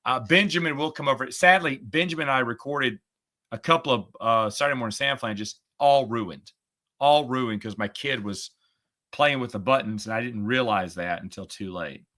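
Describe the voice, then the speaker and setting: A middle-aged man hosts a casual stream chat in a very bright, mid-pitched voice. He is sarcastic and chatty, and he winds himself up when he retells a frustrating story. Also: normal speed. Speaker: podcast host and streamer.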